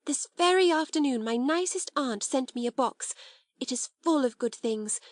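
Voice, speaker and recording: A woman's voice: sits high, animated, no room sound, voice pushed up. A woman doing a timid, breathless schoolgirl. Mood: excited. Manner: gasping, quick, breathless chatter. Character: timid plump schoolgirl, anxious and eager. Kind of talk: audiobook character reading.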